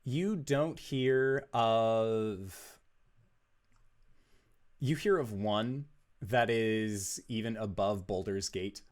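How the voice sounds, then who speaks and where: A man narrating a tabletop role-playing game as game master, in a measured, descriptive way. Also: on the low side.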